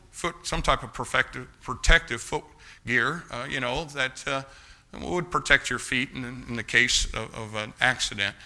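Older man, folksy yarn-spinner, very bright tense tone, chuckles through it. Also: medium pitch. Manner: folksy, chuckling, acts out the motions. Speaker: storyteller. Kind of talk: casual spoken storytelling.

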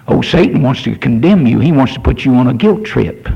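A man's voice: medium pitch, expressive, fairly quick, vocal fry, mellow, husky, highs cut off. A man in his sixties, a pastor preaching a fervent sermon and reading scripture aloud. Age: 60s.

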